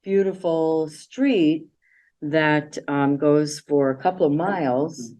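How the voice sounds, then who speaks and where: A woman's voice: low-pitched, takes it slowly, mellow. A middle-aged woman casually presenting travel slides, chatty and a bit meandering, with fillers and trailing sentences. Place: library community room.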